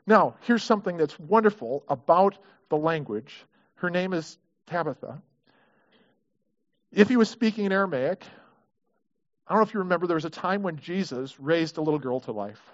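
A man's voice: a little high, animated, normal speed, highs cut off. Conversational man preaching a sermon. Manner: conversational, acts out quoted prayers, frequent restarts. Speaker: pastor.

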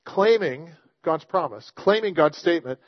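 A man's voice: fairly high pitch, lively intonation, moderate pace, no echo, highs cut off. A man preaching a sermon, reading scripture aloud and explaining it in an earnest, emphatic way. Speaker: pastor.

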